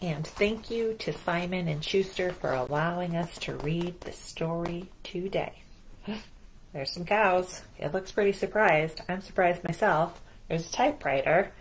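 A woman librarian reading a picture book aloud at children's storytime, animated and asking the kids questions. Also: lowish voice, a little slow, slight background noise, low-quality recording.

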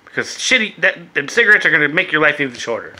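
Excitable, profane beer and vape reviewer man. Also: a little high, fast. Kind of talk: casual review vlog.

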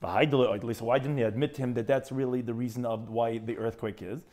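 A man, a rabbi, teaching a Talmud lesson, reading Aramaic phrases and translating each into English, with sudden animated jumps in his voice and frequent restarts. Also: medium pitch, brisk. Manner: frequent restarts and repeated words. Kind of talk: Talmud lecture.

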